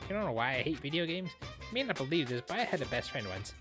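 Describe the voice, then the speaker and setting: A man voicing an excitable young man in a game, speaking in an eager, defensive way. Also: on the high side, fast, music in the background, voice pushed up.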